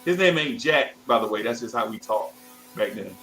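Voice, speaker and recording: A man's voice: mid-range voice, moderate pace, faint music behind, rough recording. A man in his fifties telling a rambling childhood story in casual talk, jumping into other people's voices as he goes. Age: 50s. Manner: animated, acts out other people's voices in quotes; loose, rambling, restarts and asides. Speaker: show host.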